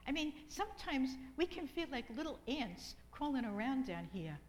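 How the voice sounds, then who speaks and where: A middle-aged woman preaching a sermon with fervent repetition, at times dropping to a soft whisper in prayer. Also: sits high, very animated, normal speed, a little hiss or hum, rough recording.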